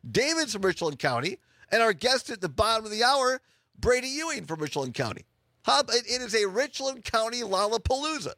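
A man's voice: very high voice, big pitch swings, brisk, sharp tone, no room sound. A man from Wisconsin hosting a radio talk show, chatting casually and jokily with many restarts. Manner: rambling, jokey, restarts a lot.

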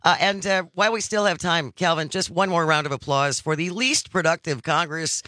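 A man with a bright voice hosts a talk radio show, reading the news in an even way and then chatting about it. The sound is dry and close. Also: fairly high pitch, fairly quick, no echo. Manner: reads news items, then chats.

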